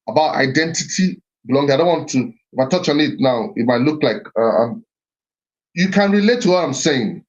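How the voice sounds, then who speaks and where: The slightly muffled recording features a middle-aged man speaking at medium pitch in a somewhat mellow voice. Earnest and reflective, he discusses identity and heritage, often restarting phrases and repeating himself.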